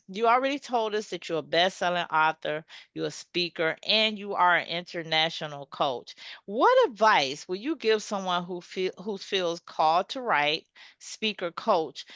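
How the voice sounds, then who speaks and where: A lively woman with a Southern US twang hosts her interview show and chats playfully with her listeners. Her voice sits in a middle range, and it is recorded close and dry, with no room sound. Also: medium pitch, no echo, highs cut off. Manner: lively, playful, chatty, addresses listeners as y'all. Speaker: podcast host. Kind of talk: casual interview chat.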